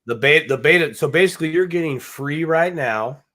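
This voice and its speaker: A man's voice: a little high, brisk, fairly bright tone. A man co-hosting a casual live talk show, rambling and repeating himself, with easy slang. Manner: rambling, self-interrupting, repeats words; casual slang, says dude and bucks. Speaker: podcast co-host. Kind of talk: casual chat.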